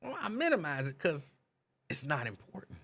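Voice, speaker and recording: A man hosting a live talk stream, reading viewers' comments aloud and riffing on them in an animated, direct way. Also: a little high, normal speed. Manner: animated, talks straight to chat viewers. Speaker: talk show host reading live chat.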